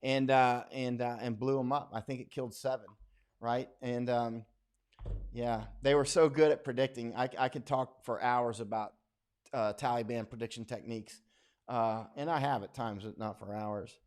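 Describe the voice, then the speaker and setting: A man's voice: mid-range voice, fairly even intonation, normal speed, a little mellow, clean tone. Rambling, blunt man chatting on a stream. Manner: rambling, folksy and blunt, with many asides. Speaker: war correspondent and livestream host. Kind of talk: casual livestream chat, reading viewer comments.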